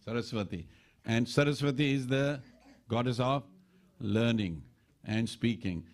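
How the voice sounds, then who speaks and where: A man giving a sermon at a temple, telling scripture stories in an animated preaching manner. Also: unhurried. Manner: animated storytelling preacher, quoting lines with shifts in pitch. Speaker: temple speaker. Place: temple hall.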